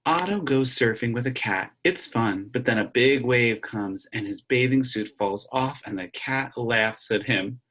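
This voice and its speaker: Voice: medium pitch, unhurried, hardly any pauses, fairly bright tone, a little hiss or hum. An elementary music teacher reading a picture book aloud in an online lesson and chanting a clapped rhythm.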